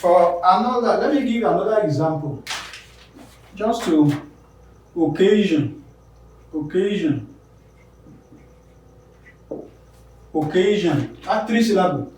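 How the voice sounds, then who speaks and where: A man teaching an English pronunciation lesson, repeating example words slowly and with emphasis. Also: high-pitched, expressive, slight background noise. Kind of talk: classroom lesson on word stress. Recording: very echoey room, voice from a distance.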